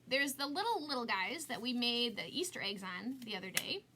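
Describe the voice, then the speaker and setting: A woman's voice: a little high, animated, normal speed, noisy background. A middle-aged woman hosting a casual live craft demo, chatty and self-mocking, laughing at herself often.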